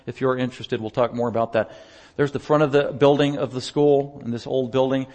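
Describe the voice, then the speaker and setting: A male pastor chatting through a slideshow report during a church service, telling stories in an animated way and laughing often. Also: medium pitch, fairly quick. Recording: long reverb of a large hall.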